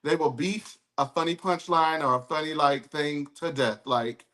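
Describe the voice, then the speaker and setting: A man's voice: fairly high pitch, moderate pace, bright, forceful tone. A man hosting a live reality TV review show, chatting casually in a sassy, campy way. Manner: sassy, campy, calls people girl and baby. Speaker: podcast host. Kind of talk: casual reality TV recap chat.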